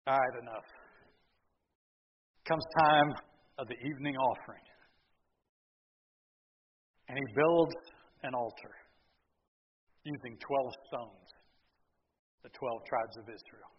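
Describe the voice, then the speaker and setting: High-voiced man preaching in a hall. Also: breathy edge, highs cut off. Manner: storytelling with sarcastic asides. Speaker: pastor. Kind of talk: sermon. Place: church sanctuary.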